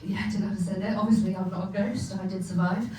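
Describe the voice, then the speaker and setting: Speaking fast in a mellow, medium-pitched voice with fairly even intonation, a young English comic performs her stand-up set on a comedy club stage. She's chatty and self-mocking, often laughing as she portrays her family. An echoey, distant recording picks up a faint hum.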